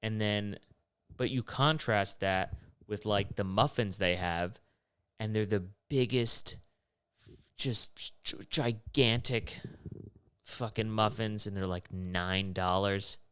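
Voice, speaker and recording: A young man hosting his own show, rambling through a profane, animated rant. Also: fairly low pitch, slow pace, clean tone, no echo. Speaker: podcast host. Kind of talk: rambling solo monologue.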